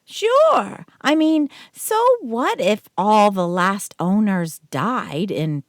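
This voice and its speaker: A woman's voice: medium pitch, sing-song, very slow, no room sound, clean studio sound, exaggerated voice. A woman voicing a blunt, sarcastic friend in a storybook reading. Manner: sarcastic, teasing.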